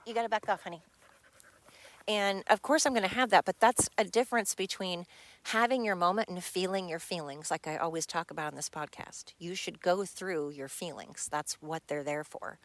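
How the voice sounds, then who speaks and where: A woman's voice: lowish voice, fairly bright tone, no room sound. Middle-aged woman podcaster, blunt and swearing, dry close-miked sound. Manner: blunt, frustrated, swears freely. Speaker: podcast host. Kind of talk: personal monologue. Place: home. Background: dog nearby.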